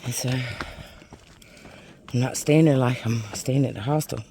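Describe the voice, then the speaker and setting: Slow easygoing guy vlogging on the trail, chatty, lots of "honey" and "y'all", faint noise behind. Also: medium pitch, steady tone, warm tone. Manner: chatty and exclamatory, calls viewers honey and y'all. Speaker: thru-hiker vlogger. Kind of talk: casual vlog while hiking. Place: outdoors on a forest trail.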